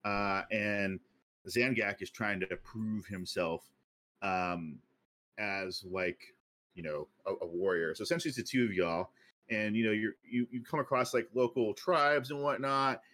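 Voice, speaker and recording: A man's voice: lowish voice, a little slow, fairly bright tone. A man co-hosting a podcast who talks in a casual, rambling way, with many fillers and restarts. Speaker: podcast co-host. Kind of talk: casual chat.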